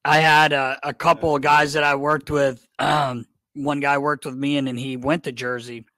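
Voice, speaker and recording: Podcast cohost guy, kinda high voice, dry close sound, acts out the quotes. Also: moderate pace, no echo, rough recording. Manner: animated storytelling with quoted dialogue. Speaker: podcast co-host. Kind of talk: casual chat.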